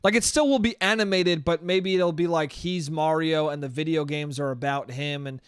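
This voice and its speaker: Profane, rambling podcast guy, slightly high voice. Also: moderate pace, smooth, no echo, clean studio sound. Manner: profane, rambling, says "dude" a lot. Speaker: podcast host. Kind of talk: solo comedic podcast rant.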